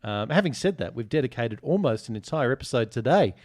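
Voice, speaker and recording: A man's voice: mid-range voice, lively intonation, fairly quick, darkish tone, dry recording, clean studio sound. An Australian man hosting a sports podcast, reading listener reviews aloud and teasing his co-hosts in casual banter. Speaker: podcast host.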